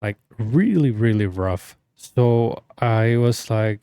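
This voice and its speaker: A man's voice: medium pitch, expressive, slow pace, few pauses, warm tone, clean tone, no room sound, clean studio sound. A young man telling a personal story in a casual, rambling way, full of fillers and restarts. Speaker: story reader.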